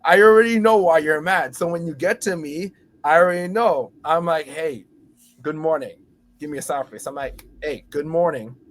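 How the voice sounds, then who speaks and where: As a podcast guest, a man who teaches storytelling in schools talks about helping kids learn to speak. His voice is fairly high and his pace fairly quick, and he livens the casual chat by acting out students and teachers in exaggerated voices.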